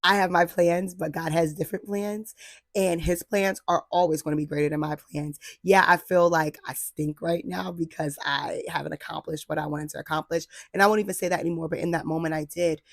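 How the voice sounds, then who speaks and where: A young woman in her twenties tells a personal story in a casual vlog. Her voice sits a little low, and the recording is dry and close. She talks with lots of "like"s and laughs, playfully acting out her own past thoughts. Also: steady tone, fairly quick, dry recording. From New Jersey. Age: 20s. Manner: laughs often, frequent fillers like "like". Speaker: vlogger. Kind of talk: casual faith-based storytelling chat.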